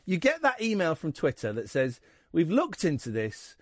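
A man's voice: a little high, wildly swooping pitch, normal speed, no echo. A man hosting a radio talk show in the studio, telling a rambling anecdote full of quoted voices. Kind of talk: casual radio chat, storytelling.

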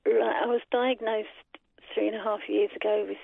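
Nervous, husky woman on a phone line. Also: mid-range voice, level tone, normal speed, no echo. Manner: nervous, hesitant, with many fillers. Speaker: caller. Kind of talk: phone-in call.

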